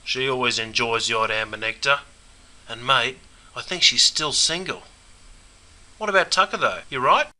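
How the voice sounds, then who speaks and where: A man's voice: medium pitch, normal speed, long pauses, pushed and bright, low-quality recording. A man playing a laid-back Australian bloke watching cricket, with a broad slangy drawl and an Australian accent. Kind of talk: scripted comedy sketch.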